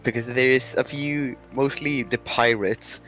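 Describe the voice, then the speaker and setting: A man's voice: mid-range voice, unhurried, a bit bright, soft background music. Blunt, swearing man with a Swedish accent. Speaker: co-streamer. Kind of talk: casual live-stream chat.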